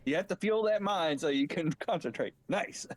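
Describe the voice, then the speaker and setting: A man playing a tabletop game, playful and quick to laugh. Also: fairly high pitch, expressive, dry recording. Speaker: player. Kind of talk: casual game chat.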